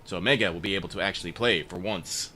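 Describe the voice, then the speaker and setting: A man's voice: low voice, fast, bright, forceful tone, slight background noise. A man hosting a casual let's-play stream, joking loosely and swearing freely as he plays and signs off. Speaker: streamer and show host.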